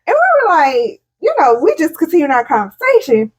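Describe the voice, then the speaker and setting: A woman's voice: sits high, huge pitch swings, a little fast. A woman co-hosting a casual chat, reacting emphatically and asking her friend questions. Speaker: podcast co-host.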